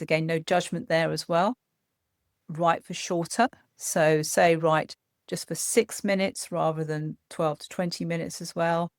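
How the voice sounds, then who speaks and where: Woman therapist, slightly gravelly, dry close mic, gentle explainer. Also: deep voice, no room sound. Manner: gentle, explanatory, frequent "as well". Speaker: psychotherapist guest. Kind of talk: podcast conversation giving practical tips.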